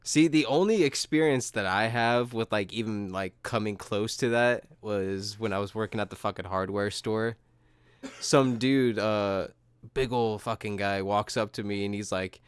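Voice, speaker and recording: A man's voice: on the low side, normal speed, clear, resonant tone, no room sound, clean studio sound. A man hosting a podcast in casual chat, swearing freely, laughing often and filling his talk with "like" and "dude". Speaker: podcast host.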